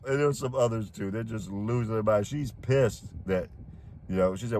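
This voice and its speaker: A man with a fairly low voice gives casual political commentary, blunt and opinionated. He chuckles between points. A faint hum of vehicle noise sits behind him. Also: moderate pace, a little mellow.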